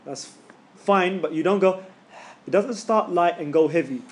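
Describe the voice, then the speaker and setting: A man's voice: sits high, unhurried. Chatty man teaching recitation. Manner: chatty, demonstrates letter sounds over and over, uses slang. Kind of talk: casual classroom teaching. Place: classroom with students.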